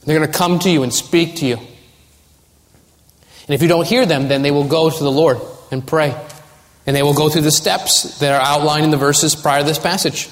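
A man's voice: fairly high pitch, fairly even intonation, moderate pace. A man preaching a sermon as pastor, earnest and building to urgent warnings. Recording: long hall reverb.

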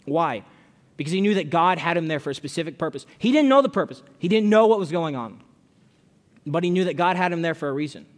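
A man's voice: a little high, fast talker. A man preaching an expository sermon, reading scripture aloud and explaining it in a conversational way, often repeating his words as he goes. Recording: long hall reverb.

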